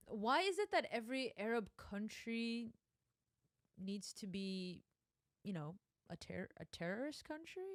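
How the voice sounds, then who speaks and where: A young woman streamer giving casual reaction commentary on film clips, animated and emphatic, with frequent asides. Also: mid-range voice, measured pace, no room sound, studio quality.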